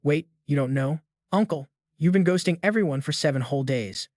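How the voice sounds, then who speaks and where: A man's voice: on the high side, brisk, a little mellow, dry recording, clean studio sound, lightly acted. A man voicing a worried young woman, the hero's niece, who talks in an anxious, pleading way.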